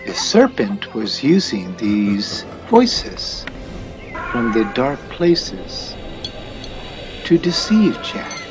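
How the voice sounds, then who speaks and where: Male storyteller reading slow, voice goes up and down a lot, soft music behind. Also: mid-range voice, sing-song. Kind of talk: storybook narration.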